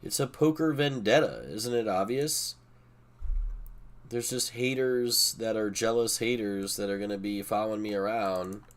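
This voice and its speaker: Streaming a poker session, a middle-aged man keeps up casual, foul-mouthed chat, drifting from topic to topic and getting heated. He speaks at a measured pace in a lowish voice.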